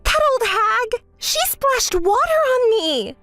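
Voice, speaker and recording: A woman voicing a spoiled, entitled young woman who whines and shouts shrilly. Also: very high-pitched, big pitch swings, measured pace, no echo, faint music behind, pitched above the performer's own voice, exaggerated voice. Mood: indignant.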